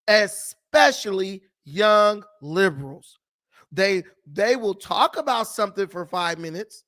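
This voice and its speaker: A man's voice: high-pitched, a bit bright. A man hosting a political commentary vlog, talking in mocking, scornful asides. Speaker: commentary host.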